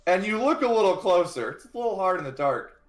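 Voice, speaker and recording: A man running a tabletop role-playing game as game master, narrating in a relaxed, playful way. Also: sits high, fast, echoey room.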